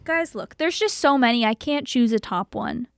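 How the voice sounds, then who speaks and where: High-voiced young woman, chatty and rambling. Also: animated, normal speed, no echo, clean studio sound. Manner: chatty, rambling, full of "um" and "you know". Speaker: podcast co-host. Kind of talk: casual chat, storytelling.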